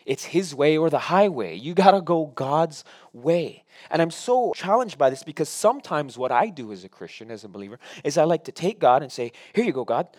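A man's voice: a little high, expressive, moderate pace, few pauses. Preaching man with big dynamic swings. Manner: preaching with swings from loud emphasis to quiet asides. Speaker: pastor. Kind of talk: sermon.

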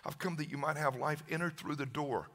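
A preacher speaking as Jesus, a calm grown man who teaches in an earnest, hushed way. The tone stays bright and forceful under the softness, and the voice sits fairly high for a man. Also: fairly quick.

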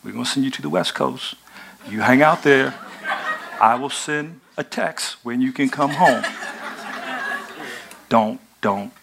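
A man's voice: mid-range voice, unhurried, gravelly, long pauses, background noise. A man voicing a mother who urgently tells her son to run away, in casual modern slang. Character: scheming mother urging her son to flee.

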